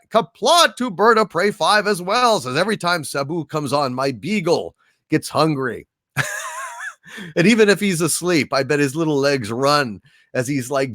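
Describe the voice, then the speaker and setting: Male stream host, lively swooping pitch, dry close mic, mock-regal hails, lots of uh and restarts. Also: no echo. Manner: grandiose mock-overlord greetings, halting with many fillers. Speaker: livestream host reading super chats. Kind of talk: casual livestream chat.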